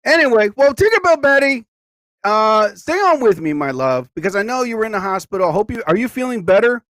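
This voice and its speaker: A man hosting a casual live stream, joking, chatting with viewers and shouting catchphrases. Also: high-pitched, a little fast, no echo, studio quality. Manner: animated, jokey, talks to chat, shouts catchphrases.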